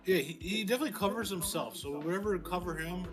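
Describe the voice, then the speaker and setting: A man's voice: high voice, quick pace, over music. A man co-hosting a casual podcast who tells loose, profane anecdotes padded with fillers.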